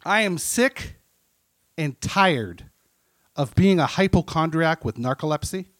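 A man hosting a live comedy night on a stage mic, telling halting pun-based one-liners. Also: on the high side, expressive, fairly bright tone, dry recording. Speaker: comedy show host. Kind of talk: stand-up emcee. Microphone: stage microphone.

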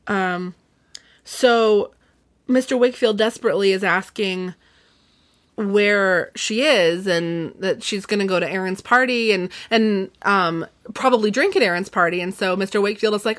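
A woman's voice: medium pitch, normal speed. A young woman casually recapping a book on a podcast, acting out the characters' lines as she goes. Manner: lively, acts out quotes in voices. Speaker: podcast co-host. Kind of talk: casual book discussion chat.

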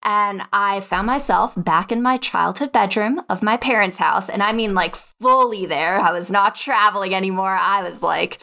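A young adult woman guest on an interview show, telling her story in a chatty, lively way and filling it with "like.". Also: medium pitch, normal speed, gravelly, few pauses. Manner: chatty, lively, acts out quotes, says "like" a lot. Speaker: podcast guest, online spreadsheet teacher. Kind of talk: animated personal storytelling.

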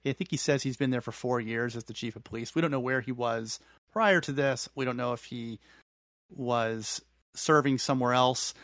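A man co-hosting a podcast, recapping a show in a thoughtful, halting way with many restarts. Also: mid-range voice, fairly bright tone, no room sound. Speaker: podcast co-host. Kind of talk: casual recap chat.

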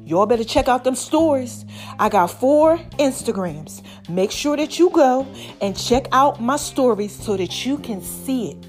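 A woman hosting her podcast in a casual, animated monologue, a little short of breath and calling her listeners baby. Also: fairly high pitch, a little slow, soft background music. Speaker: podcast host.

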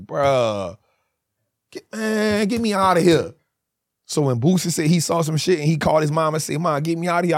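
A man's voice: a little high, no echo, studio quality. A man speaking as a podcast guest, telling stories from his life in a casual, emphatic way, acting out quotes and leaning on "bro". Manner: animated, emphatic storytelling with frequent "bro". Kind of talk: casual storytelling interview.

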